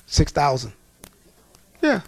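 A man preaching a sermon, telling Bible stories with lively, acted-out voices. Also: on the high side, slow, slightly rough. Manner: animated storytelling with acted-out voices.

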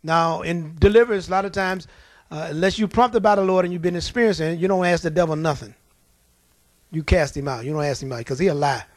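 Male preacher, high voice, lively storytelling, dry close sound. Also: a little fast, dry recording. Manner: animated storytelling with acted-out voices. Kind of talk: sermon.

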